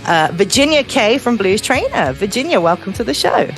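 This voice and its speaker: A woman's voice: fairly high pitch, big pitch swings, moderate pace, soft background music. A young woman with a Birmingham accent hosting a podcast, chatting casually and joking with her guest. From England. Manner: chatty, jokey, laughs often. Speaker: podcast host. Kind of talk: casual interview chat.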